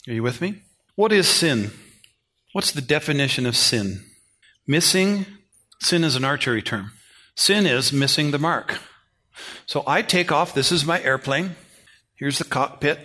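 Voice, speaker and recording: A middle-aged man preaching a sermon in a folksy, animated storytelling way. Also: medium pitch. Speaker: pastor.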